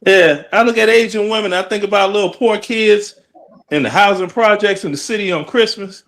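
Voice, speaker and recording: Veteran guy on a stream panel, high bright voice that swoops around, stammers and repeats himself. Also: a little fast. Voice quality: stammering, repeats words when worked up. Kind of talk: casual heated chat.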